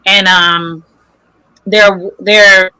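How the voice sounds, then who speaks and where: Woman co-host, bright crisp voice, dry close sound, loose rambling chatter, a bit sleepy. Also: medium pitch, level tone, extremely slow, no echo, low-quality recording. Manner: rambling, many filler likes. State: drowsy, just woken up. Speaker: podcast co-host. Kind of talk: casual chat.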